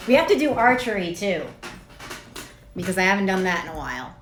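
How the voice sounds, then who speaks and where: A woman's voice: mid-range voice, sing-song, normal speed, a bit bright, slight background noise. A woman coach in her thirties talks to camera in a loose, rambling monologue. She is blunt and swears freely, and she often laughs at herself. Her voice sits mid-range and rings in a roomy, echoey space. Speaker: spiritual coach. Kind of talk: casual direct-to-camera monologue. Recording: echoey room.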